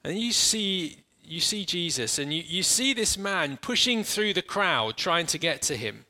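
An expressive, high-voiced man preaches and guides listeners in imagining a scene. His delivery is earnest and halting, marked by frequent restarts, and he softens and slows whenever he describes the imagery.

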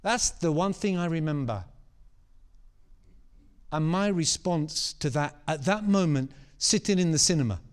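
High-voiced animated male preacher. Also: unhurried, long pauses, clean tone. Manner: animated, repeats phrases for emphasis. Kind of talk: sermon.

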